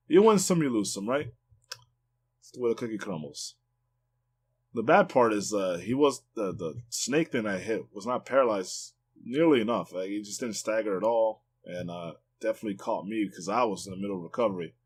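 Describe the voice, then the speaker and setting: A young man hosting a let's play, giving rambling, excitable gameplay commentary and swearing freely. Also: fairly low pitch, normal speed, a little hiss or hum.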